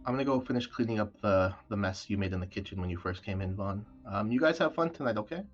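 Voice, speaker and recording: A man's voice: lowish voice, fast talker, faint music behind, lightly acted. A man voicing a doting, worried middle-aged mother who fusses and stammers. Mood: flustered. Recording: dull lo-fi mic.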